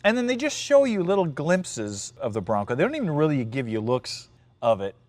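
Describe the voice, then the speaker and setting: A man hosting a podcast in a casual monologue, often laughing and mocking quotes in a deep announcer voice. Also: huge pitch swings, fairly quick, a little mellow. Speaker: podcast host.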